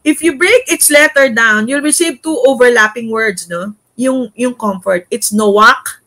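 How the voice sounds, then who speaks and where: A woman's voice: on the high side, a little slow, a bit bright, a little hiss or hum, poor audio. A woman with a Filipino accent leading a Bible study, mixing English with Tagalog tag questions.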